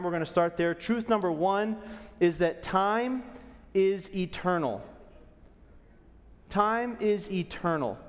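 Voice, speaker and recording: In a church auditorium, a pastor in his thirties delivers a sermon in a conversational style, frequently checking in with the audience. His voice is high, and the recording carries a big-room sound.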